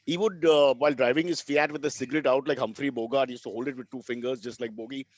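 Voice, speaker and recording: A man's voice: mid-range voice, quick pace, no echo, dull audio. A middle-aged man with an Indian English accent, telling wry comic stories as co-host of a comedy show. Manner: wry, deadpan jokes. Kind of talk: comic storytelling.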